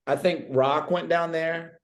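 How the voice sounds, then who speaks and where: A man's voice: on the high side, fairly even intonation, measured pace. A man with a slightly raised voice plays it straight as he swaps invented tales with a fellow comedian. His delivery stays dry and matter-of-fact, as though the absurd details were ordinary history. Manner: straight-faced, trades made-up stories. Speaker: comedian co-host. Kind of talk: deadpan improvised comedy chat.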